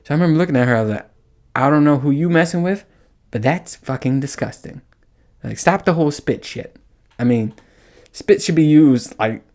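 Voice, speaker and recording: A man's voice: mid-range voice, darkish tone. A young man hosting a podcast in a casual monologue, crude and joking, laughing often. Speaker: podcast host.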